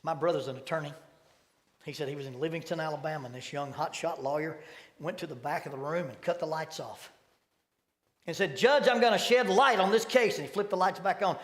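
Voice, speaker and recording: A middle-aged man preaching a sermon, telling stories and acting out voices with sudden loud bursts. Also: a little high, a little fast. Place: church sanctuary. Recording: long hall reverb.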